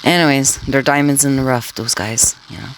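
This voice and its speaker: A woman's voice: rumbling low, steady tone, brisk, slight background noise, rough recording. A woman rambling crudely to her livestream listeners, taunting them and tagging her sentences with questions. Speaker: scanner livestreamer talking to listeners. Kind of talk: rambling casual monologue.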